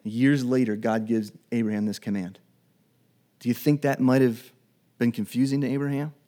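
A man preaching a sermon in a conversational way, acting out Bible dialogue in quick everyday voices. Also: mid-range voice, fairly even intonation, mellow. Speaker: pastor.

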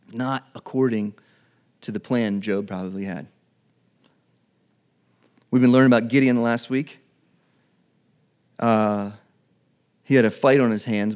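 A man's voice: fairly low pitch, fairly even intonation, darkish tone. Conversational male preacher. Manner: conversational, acts out Bible dialogue in quick voices. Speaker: pastor. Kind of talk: sermon.

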